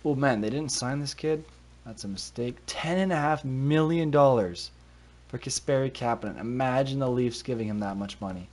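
A man's voice: medium pitch, darkish tone. A man casually commenting on a hockey management game during a live stream, talking through his thoughts and reacting on the spot, into a desk mic with a cover on it. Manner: chatty, thinks aloud, quick reactions.

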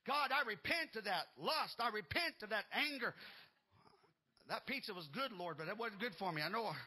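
A male pastor delivering a sermon in a high, piercing voice. He repeats his phrases and rises into shouts before dropping back to quieter talk. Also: expressive, moderate pace, husky, low-quality recording. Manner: shouting bursts and quieter stretches, repetitive.

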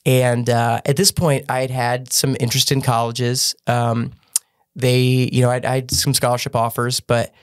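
Earnest man, flat delivery, dry sound. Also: medium pitch, normal speed, dry recording. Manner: earnest, with frequent restarts and fillers. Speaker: podcast guest, former gymnast turned business owner. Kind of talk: casual storytelling interview.

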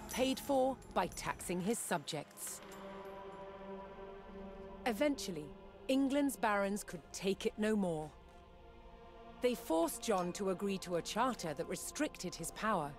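A grave, measured history narrator for a strategy game in an even, middling voice. She tells the chronicle with unhurried solemnity. A clear musical score plays beneath her. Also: mid-range voice, over music. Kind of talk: scripted documentary narration.

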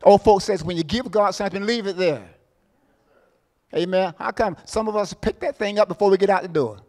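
A middle-aged man preaching a sermon as pastor, repeating his phrases, calling out for amens and swinging between loud bursts and quiet asides. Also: sits high, brisk, big-room sound. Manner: call-and-response, asks the congregation for amens; repeats words and phrases for emphasis.

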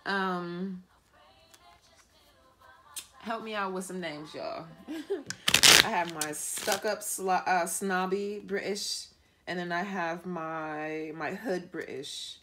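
A woman's voice: lowish voice, takes it slowly, pauses often, very noisy. A woman giving a casual tarot reading, playful and profane, often breaking into laughter. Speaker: tarot reader and life coach.

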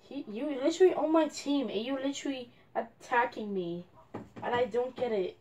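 A woman's voice: sits high, moderate pace, darkish tone. A young woman commenting on her gameplay, frustrated and complaining at a teammate. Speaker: gamer.

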